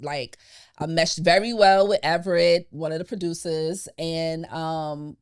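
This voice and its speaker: Low-voiced woman hosting a heartfelt podcast. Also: unhurried, smooth. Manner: animated, laughing, emotional. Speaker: podcast host. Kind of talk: casual heartfelt chat. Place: podcast studio.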